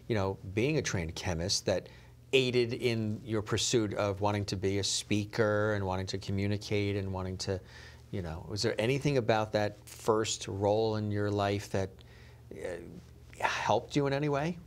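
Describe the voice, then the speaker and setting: A woman's voice: extremely low pitch, steady tone, normal speed. A woman hosting a casual interview, supportive, often rephrasing what her guest says. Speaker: interview host.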